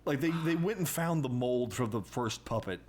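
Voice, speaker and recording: Lively, chuckling podcast co-host man. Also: mid-range voice, normal speed. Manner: animated, profane, chuckling asides. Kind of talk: casual chat.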